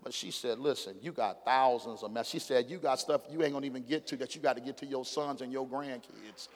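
Middle-aged preacher man in a reverberant hall. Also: fairly quick. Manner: preaching with call-and-response, surging from low asides to loud shouted emphasis. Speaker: pastor. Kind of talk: sermon. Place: church sanctuary.

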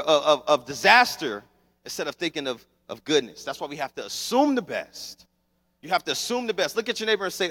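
A young man preaching a sermon as pastor, telling stories with lively, acted-out scenes. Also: high-pitched. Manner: animated storytelling, acts out scenes. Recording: long hall reverb.

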